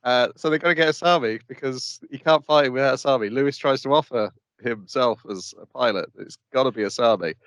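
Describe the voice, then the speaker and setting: A man's voice: medium pitch, brisk, few pauses, a bit bright, no room sound. A man co-hosting an anime podcast, moving the recap along with brief plot summaries. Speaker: podcast co-host. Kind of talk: casual chat recapping an anime.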